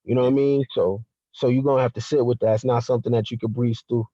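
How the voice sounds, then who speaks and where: A man with a mellow, warm voice, chatting casually and animatedly as a talk-show guest. His audio sounds dull and dry, like a remote hookup. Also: medium pitch, fast talker, no room sound. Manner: animated, slangy, with repeated fillers. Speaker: podcast guest. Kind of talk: casual conversation.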